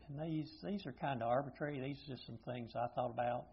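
A man's voice: medium pitch, quick pace, slight background noise. An older man teaching an informal Bible study class, plain-spoken and thinking aloud as he goes. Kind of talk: informal lecture to a group. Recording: dull lo-fi recording.

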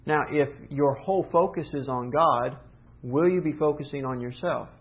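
A man preaching a sermon, teaching earnestly with rhetorical questions and slowing down for emphasis. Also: a little high. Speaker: pastor. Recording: tinny phone-like sound.

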